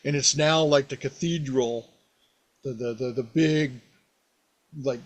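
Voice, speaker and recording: A man hosting a podcast, casually recounting a tabletop game he ran, rambling and animated with many fillers. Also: medium pitch, takes it slowly. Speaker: podcast host, game master. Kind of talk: casual storytelling about a past game.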